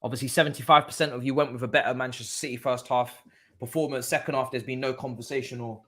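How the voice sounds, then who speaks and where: A man hosting a live football watchalong stream, chatting through the match as a fan and bursting into shouts at big moments. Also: medium pitch, quick pace. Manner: excitable, erupts into shouts and laughs at goals. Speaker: watchalong host.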